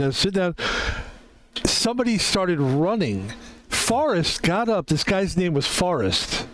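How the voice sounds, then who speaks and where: A man's voice: on the high side, lively intonation, moderate pace, slight background noise, rough recording. Rambling, jokey male streamer. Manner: rambling, jokey, swears freely. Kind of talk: casual gameplay commentary.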